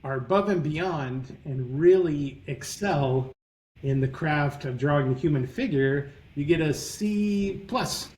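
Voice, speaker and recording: A man putting on a New York accent to voice a gruff, restless male drawing professor who barks demanding rules. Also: a little high, slow pace, darkish tone, reverberant. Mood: blunt. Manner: blunt, barking, demanding.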